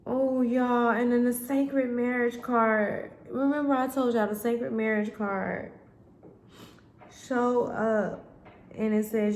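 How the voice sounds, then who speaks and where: A woman's voice: a little high, fairly even intonation, slow pace, reverberant, a little hiss or hum. A woman giving a spiritual tarot reading, emotional and candid, talking straight to her viewers. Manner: candid, addresses viewers as y'all. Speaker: tarot reader.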